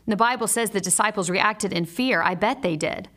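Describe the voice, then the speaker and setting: A woman and mother teaching a Bible lesson in a measured, earnest way, mixing scripture with personal stories. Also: medium pitch, a bit bright.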